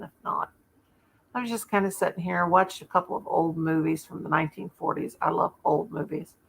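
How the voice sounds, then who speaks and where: A woman's voice: fairly low pitch, fairly even intonation, fairly quick, vocal fry, slight background noise. A woman hosting a casual live stream from home, rambling and chatting with viewers and often stopping to search for words. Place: home, in the dark with one light on.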